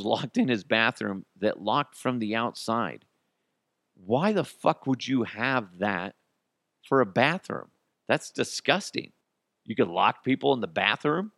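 A man hosting a comedy podcast, riffing on listener stories in a casual, profane, animated way. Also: mid-range voice, creaky, no room sound, studio quality. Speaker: podcast host.

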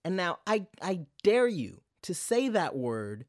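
A man's voice: sits high, sing-song, slow, dry recording. Young male vlogger, casual nostalgic monologue, dry recording. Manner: conversational, many fillers and asides.

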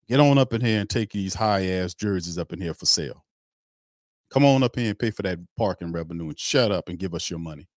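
A man's voice: lowish voice, dry recording, clean studio sound. Ranting man hosting a fan stream. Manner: blunt, ranting, mocking, with slang and cursing. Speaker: fan show host. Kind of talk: heated fan commentary on a livestream.

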